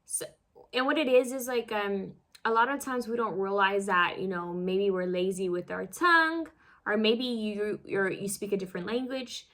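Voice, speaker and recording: A woman talks through a casual tarot card reading in a bright, forward voice. She rambles and loops back, fumbling her words with plenty of fillers and restarts. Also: medium pitch, normal speed. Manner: self-conscious, fumbles over words.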